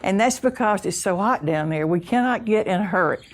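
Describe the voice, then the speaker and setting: A woman with a deep Southern US accent, giving a humorous, folksy keynote talk full of self-deprecating stories and drawn-out vowels. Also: animated. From Southern US (Alabama, Mississippi). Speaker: keynote speaker.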